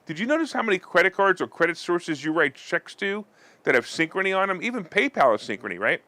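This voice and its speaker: Male talk host, sarcastic, bright forceful voice, dry close sound. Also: high voice, sing-song, fast talker, dry recording. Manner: sarcastic, mock-weeping theatrics. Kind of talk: scripted political finance commentary.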